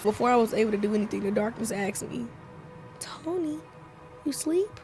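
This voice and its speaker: A woman playing a horror game, reading its text aloud in a hushed voice and breaking off into loud, profane reactions. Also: fairly high pitch, a little fast, soft background music. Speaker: gaming streamer.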